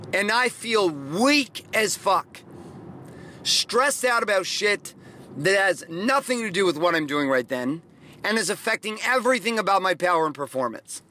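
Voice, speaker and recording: A man's voice: sits high, pushed and bright, slight background noise. A middle-aged man hosting a podcast, telling profane, rambling stories in a casual motivational monologue. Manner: profane, rambling, emphatic storytelling. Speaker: podcast host.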